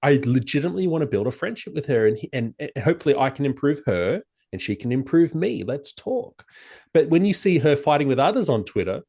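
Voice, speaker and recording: A man speaking as a podcast guest in casual chat, animated and halting, acting out quoted exchanges in a raised voice. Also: a little high, gravelly. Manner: halting, frequent restarts.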